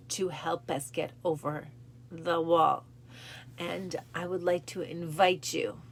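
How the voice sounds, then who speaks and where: A woman hosting a cancer support show, chatting casually and emotionally to her viewers, repeating phrases and acting out scenes. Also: a little hiss or hum. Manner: emotional, repeats phrases, acts out film lines with rising pitch. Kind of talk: casual talk to camera.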